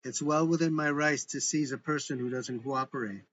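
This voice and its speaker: A man's voice: medium pitch, normal speed, fairly bright tone, highs cut off, close to an everyday voice. A man voicing a stern, officious male federal agent who speaks curtly. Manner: curt, officious.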